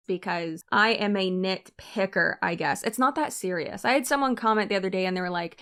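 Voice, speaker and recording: A woman's voice: on the low side, fairly even intonation, brisk, few pauses, fairly bright tone, smooth. A young woman reading and mocking comments in a casual vlog, with a dry, sarcastic delivery.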